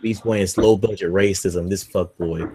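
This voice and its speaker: A man co-hosting a podcast in casual chat, loud and teasing, swearing often. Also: low-pitched, steady tone, moderate pace, noisy background. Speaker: podcast co-host.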